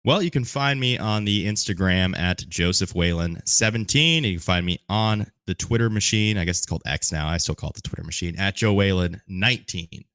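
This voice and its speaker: A man's voice: sits low, a little fast, hardly any pauses, fairly bright tone, smooth, no room sound, clean studio sound. A man speaking as a podcast guest in casual chat, hesitant, with lots of fillers and laughs.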